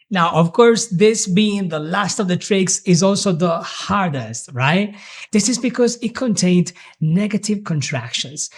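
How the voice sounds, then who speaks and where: A young man teaching an online English lesson, drilling phrases slowly and then at full speed. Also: high-pitched.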